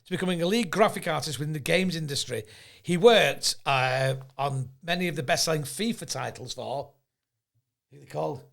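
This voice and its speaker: A man in his fifties hosting a podcast, chatty and quick to laugh as he tells stories. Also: a little high, vocal fry, a bit bright. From England. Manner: chatty storyteller, laughs often. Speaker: podcast host. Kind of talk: casual chat.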